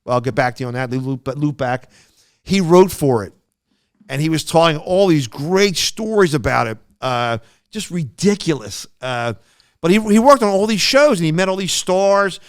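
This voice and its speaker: An animated middle-aged man chatting on a podcast, his voice crisp and resonant and a little higher than most men's. He is recorded close and dry, with no room sound, and he jumps from story to story. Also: moderate pace, no echo. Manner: animated storyteller, excitable, frequent restarts. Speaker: podcast co-host. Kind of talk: casual chat.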